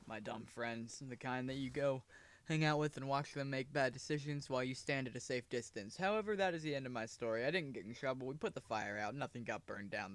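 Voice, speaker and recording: Animated young man telling a story. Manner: casual, animated, drops low and soft at the ends of lines. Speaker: gaming YouTuber. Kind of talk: storytelling over gameplay.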